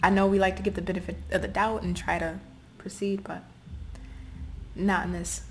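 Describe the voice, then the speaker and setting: Woman tarot reader, earnest and blunt, mid-pitched voice, speaking directly to the viewer. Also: level tone, moderate pace, long pauses, slight background noise.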